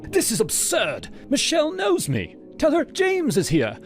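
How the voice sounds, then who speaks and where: A man voicing a pompous, entitled British stalker with shrill, indignant outbursts and a British accent. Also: wildly swooping pitch, unhurried, gravelly, exaggerated voice. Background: music.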